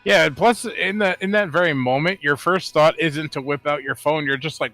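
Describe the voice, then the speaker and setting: A man co-hosting a podcast, recounting anecdotes in casual, animated chat full of "like" fillers. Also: on the high side, moderate pace, few pauses, faint music behind. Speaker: podcast co-host.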